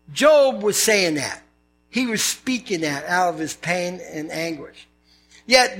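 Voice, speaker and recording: A man's voice: sits high, fairly bright tone. A man preaching a sermon as pastor, in an earnest, conversational way with scripture readings.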